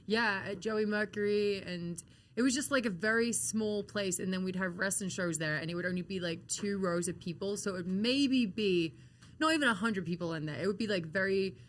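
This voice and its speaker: A woman with an English accent, an interview guest telling animated, laughing stories with frequent swearing. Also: mid-range voice. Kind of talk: casual storytelling interview. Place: hotel-side event venue in Las Vegas.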